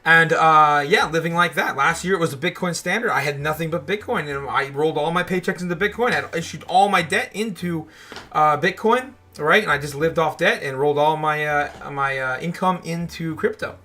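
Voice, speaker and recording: A man's voice: on the high side, moderate pace, pushed and bright, soft background music. A man hosting a crypto show, talking in a frustrated, rambling rant full of swearing. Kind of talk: casual livestream rant.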